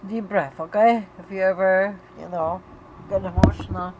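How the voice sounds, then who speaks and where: A woman's voice: mid-range voice, steady tone, moderate pace, noisy background. A woman hosting a casual livestream chat from her bed at home, talking openly and emotionally to viewers, with many fillers and restarts. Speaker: livestream host for an epilepsy community. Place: bedroom at home.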